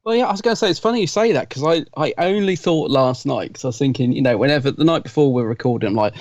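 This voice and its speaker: A man co-hosting a casual fan podcast, jokey and quick to laugh. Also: medium pitch, lively intonation, darkish tone, no room sound, dull audio. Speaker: podcast co-host. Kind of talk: casual chat.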